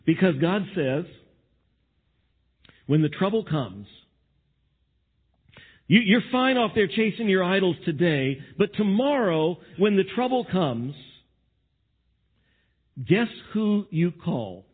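A man's voice: sits high, big pitch swings, slow pace, long pauses, breathy edge, narrow, tinny audio. A man preaching a sermon to his congregation, acting out the voices of others as he talks. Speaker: pastor.

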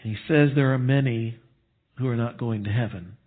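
Husky male pastor, unhurried and emphatic, lifts for stress and sinks to a hush, thin lo-fi recording. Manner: earnest, emphatic preaching, drops to a low hush for solemn points. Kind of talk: sermon. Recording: tinny phone-like sound.

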